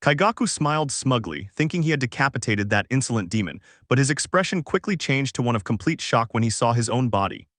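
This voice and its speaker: A man narrating fan fiction in scripted narration with a flat, even reading voice on a close, dry mic. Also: mid-range voice, brisk, hardly any pauses, no room sound. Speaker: fanfic narrator.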